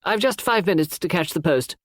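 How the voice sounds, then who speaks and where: A man's voice: high voice, expressive, brisk, no room sound, clean studio sound, voice pushed up. A man voicing an imperious elderly lady of the house, giving orders, in a storybook reading. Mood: commanding.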